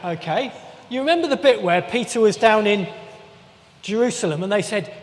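A man preaches in a relaxed, chatty way, tossing in jokes and circling back to restart his thoughts. His voice sits high for a man, and it carries the long reverb of a church hall. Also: normal speed, a little hiss or hum. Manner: chatty, jokey asides, frequent restarts. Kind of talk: conversational sermon with a map.

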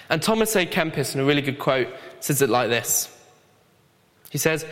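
A man's voice: a little high, animated, moderate pace, fairly bright tone. A young man preaching a sermon in an earnest, conversational way with light humor. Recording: long hall reverb.

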